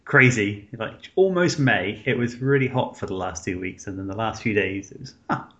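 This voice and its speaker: A man co-hosting a casual podcast over a call, chatting in a lively, jokey way and laughing between remarks. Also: lowish voice, unhurried, dull audio. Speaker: podcast co-host. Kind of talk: casual chat. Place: Stockholm, remote call.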